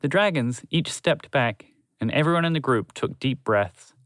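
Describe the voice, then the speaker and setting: A man narrating a storybook in a steady, gentle read-aloud manner. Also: mid-range voice, normal speed, no echo.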